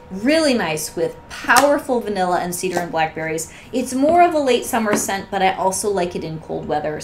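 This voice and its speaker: A woman gushes in a casual, conversational vlog, her voice strained and hoarse as it gives out. She talks at a middling pitch. The room sounds echoey, with a faint hiss of background noise. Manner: enthusiastic, gushing, conversational. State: losing her voice. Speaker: vlogger reviewing wax melts. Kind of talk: casual show-and-tell chat.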